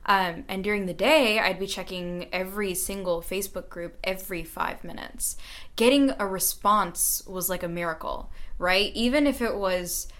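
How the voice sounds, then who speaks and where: A woman's voice: mid-range voice, moderate pace, a bit bright. A young woman in her late teens, a student, telling her story in a casual radio interview, earnest and chatty with frequent fillers. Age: young adult.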